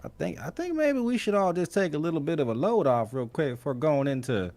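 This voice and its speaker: A man voicing a folksy, food-loving male rabbit adventurer who talks in a drawn-out, savoring way. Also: fairly high pitch, lively intonation, darkish tone. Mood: coaxing.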